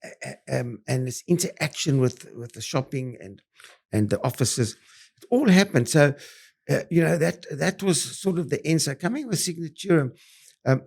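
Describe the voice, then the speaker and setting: A man's voice: mid-range voice, gravelly. Older South African man telling punchy stories. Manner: animated, punchy storyteller with many fillers and restarts. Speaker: property developer guest. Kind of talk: interview storytelling.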